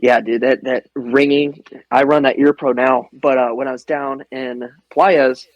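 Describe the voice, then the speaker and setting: A man talks casually as a podcast guest, spinning animated anecdotes and swearing without a second thought. His delivery is loose and conversational, broken up by frequent laughter. The recording is dry and close. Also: medium pitch, unhurried, dry recording, highs cut off. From American Midwest. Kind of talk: casual storytelling chat.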